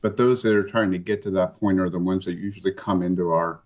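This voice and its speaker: Male host with a very low voice, steady interview questions after a halting start.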